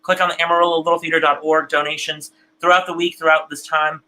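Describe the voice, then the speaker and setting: Bright-voiced emotional stream host. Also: male voice, a little high, little pitch movement, quick pace, rough recording. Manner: chatty, repeats words often, gets emotional. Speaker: host of an online theater broadcast. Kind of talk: live-stream host reading viewer comments.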